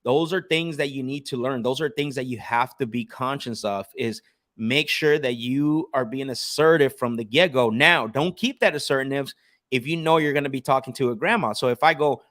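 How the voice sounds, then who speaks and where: A man's voice: mid-range voice, normal speed, fairly bright tone, no echo, clean studio sound. A man coaching sales on a live stream, making cold calls and explaining them in an assertive teaching tone, often restarting his sentences.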